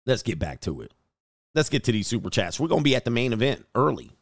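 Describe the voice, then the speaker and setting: A man's voice: medium pitch, very animated, quick pace, no room sound, clean studio sound. Joking, laughing man. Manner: joking, laughing often, slangy and profane. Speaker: dating coach streamer. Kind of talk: casual livestream commentary.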